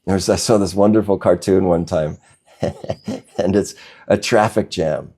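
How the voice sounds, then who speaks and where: A man giving a slow, gentle spiritual talk as a teacher, reflective and unhurried, now and then laughing softly. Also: low voice, slightly rough. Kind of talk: satsang talk.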